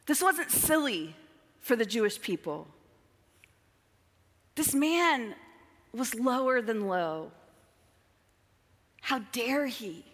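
A woman preaching a sermon, dramatic, moving between emphatic lines and hushed asides. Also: a little high, very animated, takes it slowly, pauses often. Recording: long hall reverb.

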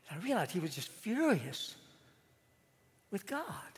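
A male pastor telling a personal story in a sermon, conversational, with pauses and quiet asides. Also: high voice, sing-song, long reverb tail.

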